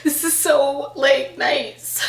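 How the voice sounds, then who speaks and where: A woman vlogging a casual book unboxing, gushing and excitable. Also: high voice, drawn-out words, gravelly. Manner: gushing, excitable, laughs and gasps often. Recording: echoey room with faint noise.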